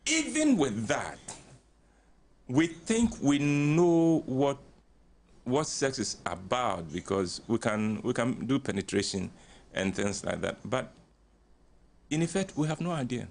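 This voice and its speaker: An older man with a Ghanaian English accent, a radio guest giving relaxed counselling talk, who tells stories animatedly, acts out the voices he quotes and chuckles often. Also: mid-range voice, slow pace, vocal fry, pauses often.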